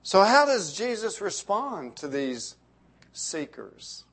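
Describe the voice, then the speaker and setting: A middle-aged male pastor preaching a sermon, building emphasis on key phrases and letting sentence endings fall soft. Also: high-pitched, sing-song, slow pace, husky.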